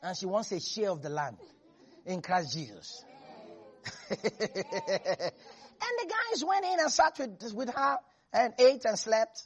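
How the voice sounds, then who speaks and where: A preacher delivering a lively sermon that swings between hushed asides and shouts. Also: mid-range voice, takes it slowly, pauses often.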